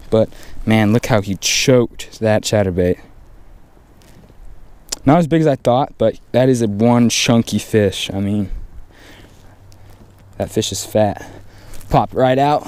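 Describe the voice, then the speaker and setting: A man, talking casually while fishing a windy pond bank, getting excited and repeating himself when a fish bites. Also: mid-range voice, unhurried, long pauses, clean tone. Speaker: fishing vlogger. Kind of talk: casual outdoor vlog commentary. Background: faint wind and outdoor ambience.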